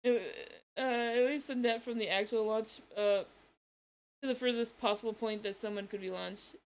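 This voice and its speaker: A woman's voice: a little high, steady tone, normal speed. A woman streamer chatting casually while reacting to a video, laughing often and swearing.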